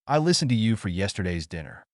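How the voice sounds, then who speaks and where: A man's voice: lowish voice, sing-song, fast talker, dry recording, studio quality. A man voicing a cheerful young woman student who is a little bossy with her boyfriend. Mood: playful.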